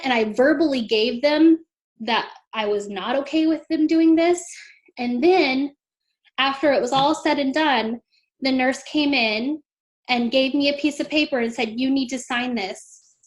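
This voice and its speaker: A woman's voice: sits high, measured pace. A woman, a mother, recounting a painful experience in an interview, earnest and emotional, lifting her voice when she quotes others. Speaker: mother telling her story. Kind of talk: interview storytelling.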